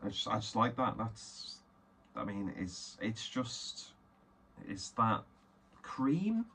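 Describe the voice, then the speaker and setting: A man's voice: fairly low pitch, big pitch swings, slow, a bit bright, slightly rough. A man chatting casually and self-deprecatingly as he unboxes and reviews beers, rambling with many fillers. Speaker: beer reviewer.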